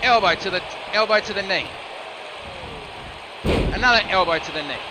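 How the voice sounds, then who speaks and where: High-voiced man calling wrestling moves. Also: normal speed, background noise. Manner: steady move-by-move calls, rising sharply on near falls and reversals. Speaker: play-by-play commentator. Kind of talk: solo play-by-play commentary of a video game wrestling match.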